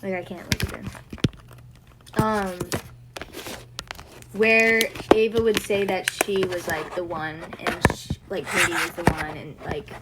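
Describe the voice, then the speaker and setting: A woman's voice: on the low side, flat delivery, unhurried, long pauses, heavy background noise. A woman in casual chat who speaks in a flustered way and keeps losing her train of thought.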